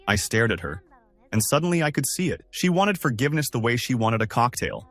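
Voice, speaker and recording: Lively-voiced male story narrator. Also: medium pitch, a little fast, no echo. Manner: steady storytelling, lines read one after another. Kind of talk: scripted first-person story narration.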